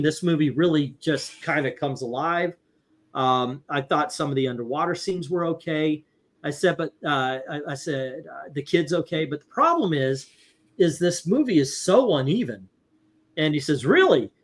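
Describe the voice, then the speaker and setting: A man's voice: a little high, animated, moderate pace. A middle-aged man hosting a casual chat, telling a rambling anecdote with restarts and swearing. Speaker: livestream host.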